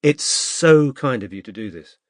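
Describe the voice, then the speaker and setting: A poised young woman detective working undercover, her voice lifted and bright with polished middle-class manners, as a male narrator puts her on. An audiobook reading recorded dry and close, with no room around it. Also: mid-range voice, lively intonation, normal speed, no echo, lightly acted. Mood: bright, friendly.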